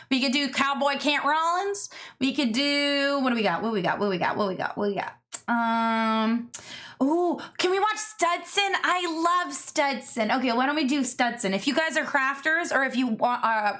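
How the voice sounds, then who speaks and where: A woman streamer chatting casually as she reacts to videos, excitable and gushing, swearing freely. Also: a little high. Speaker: VTuber streamer.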